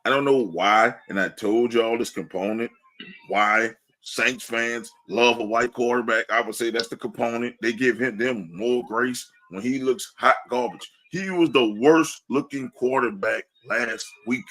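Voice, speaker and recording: A man co-hosting a sports podcast, animated and laughing as he mocks fans' takes. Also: medium pitch, unhurried, low-quality recording. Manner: animated, laughing, mock-quoting fans. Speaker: podcast co-host. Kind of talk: casual sports talk.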